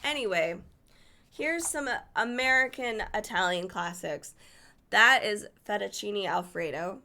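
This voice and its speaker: A woman's voice: mid-range voice, measured pace, vocal fry, bright, forceful tone. A woman casually paging through a cookbook, chatty and enthusiastic, stumbling over foreign dish names. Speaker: cookbook reviewer. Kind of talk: casual book flip-through.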